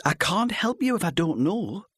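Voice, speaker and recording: A man's voice: high-pitched, very animated, normal speed, slightly rough, dry recording, clean studio sound, voice pushed up, exaggerated voice. A man voicing a timid pleading wife of fifty. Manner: soft, tentative, pleading. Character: anxious fifty-year-old wife, timid and dutiful.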